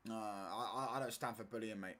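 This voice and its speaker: Young guy doing a footy watchalong, bright voice, chatty slangy banter, mate this bro that. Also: on the low side, a little fast. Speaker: watchalong streamer. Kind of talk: casual football watchalong chat.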